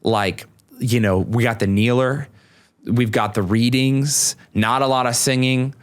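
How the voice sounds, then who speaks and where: A man, a stand-up comic, talking in a casual podcast conversation, animated and leaping up in pitch when he mimics people. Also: a little slow.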